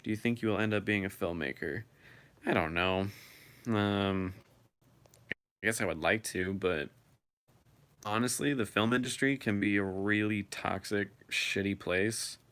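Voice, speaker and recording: A man's voice: fairly low pitch, a little slow, long pauses, a bit bright, smooth. A man hosting a casual live chat, reading viewer comments aloud and answering them in a loose, freely swearing way.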